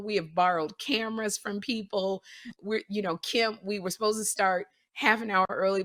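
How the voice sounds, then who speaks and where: Bright, animated woman podcast host. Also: mid-range voice. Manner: animated, self-deprecating storyteller. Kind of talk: casual chat.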